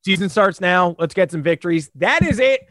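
A man co-hosting a sports podcast, hoarse and animated, talking in a sarcastic, rambling way. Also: high-pitched, fairly quick, dry recording, studio quality. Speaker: podcast co-host. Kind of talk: casual sports podcast chat.

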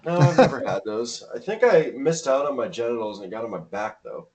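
A man's voice: mid-range voice, lively intonation, brisk, a little mellow, poor audio. A young man co-hosting a casual podcast, joking at his own expense and swearing freely. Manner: self-deprecating, profane, joking. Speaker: podcast co-host. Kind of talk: casual crude podcast banter.

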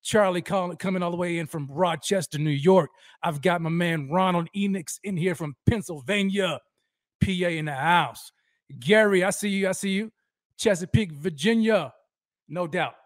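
A man hosting a fan livestream, energetically shouting out viewers by name and talking about how fired up he is. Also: sits high, moderate pace, no echo, studio quality. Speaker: host of a fan livestream show. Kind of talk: energetic live-stream roll call.

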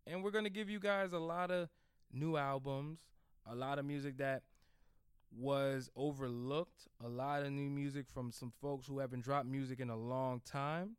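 A relaxed man co-hosting a music review podcast, speaking in an easy, conversational way and often doubling up words mid-sentence. His voice is smooth and resonant, recorded close to the mic in a dry, dead-sounding space. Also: mid-range voice, moderate pace, dry recording. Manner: laid-back, stammers and repeats words. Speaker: podcast co-host. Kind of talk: casual chat.

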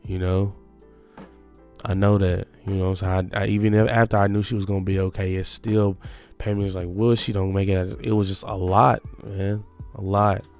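A young man making a personal confession in a halting, reflective way, often restarting his sentences. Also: low voice, little pitch movement, a little mellow, faint music behind.

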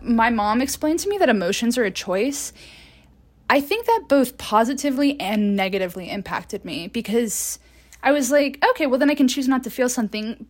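Chatty young woman, phone-recorded. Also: fairly high pitch. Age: 20s. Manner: rambling, laughing, swears casually. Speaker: podcast host. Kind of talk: casual solo chat.

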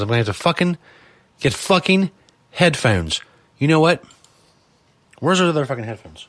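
A man's voice: fairly high pitch, expressive, moderate pace, long pauses, a bit bright, dry recording. A man hosting a live studio show, talking casually in a profane, exasperated ranting manner. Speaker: podcast host.

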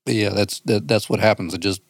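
A man's voice: fairly low pitch, fairly even intonation, fairly quick, vocal fry, dry recording, studio quality. A man in his thirties co-hosting a podcast, talking in a casual, profane way, with laughs and restarts. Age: 30s. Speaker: podcast co-host. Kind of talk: casual chat.

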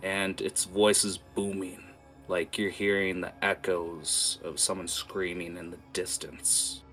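Unhurried man narrating as game master. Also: low voice, flat delivery, fairly bright tone, faint music behind. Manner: vivid descriptive narration with many "like" fillers.

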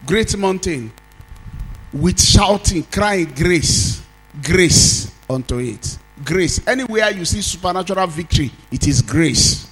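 A man's voice: high-pitched, expressive, a little slow, a bit bright, husky, faint music behind, rough recording. A Nigerian man preaching a sermon as pastor, leading call-and-response and drawing out sung phrases.

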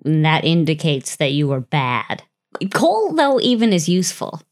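A woman's voice: sits low, very animated, normal speed. A young adult woman hosting a casual podcast, telling a spooky story in the second person with playful drama and the odd swear. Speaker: podcast host.

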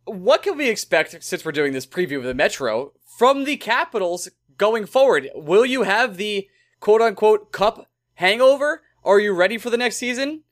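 Lively high-voiced male podcast host. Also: normal speed. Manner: animated, jokey, stumbles over names. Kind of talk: casual sports podcast chat.

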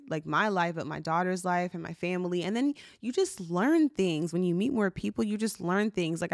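A woman's voice: lowish voice, dry recording. Chatty woman hosting a podcast, dry sound. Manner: chatty, heartfelt, full of fillers like "like" and "you know". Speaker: podcast host. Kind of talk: casual solo podcast talk.

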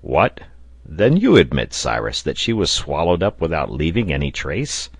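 A man reading aloud, voicing a skeptical male reporter with a low, doubtful manner. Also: very animated, normal speed, fairly bright tone, no echo, clean studio sound, exaggerated voice.

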